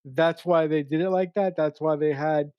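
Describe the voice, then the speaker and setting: A man co-hosting a podcast, talking through a film in a halting way, often repeating words and restarting. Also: fairly high pitch, fairly even intonation, clear, resonant tone, dry recording, lo-fi sound. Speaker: podcast co-host. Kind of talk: casual film review chat.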